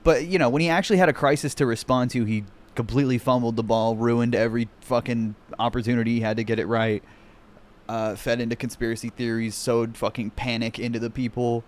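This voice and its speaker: A man's voice: medium pitch, fairly even intonation, a little fast. Profane, mocking male streamer. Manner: profane, mocking, sarcastic rants. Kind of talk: casual reaction commentary.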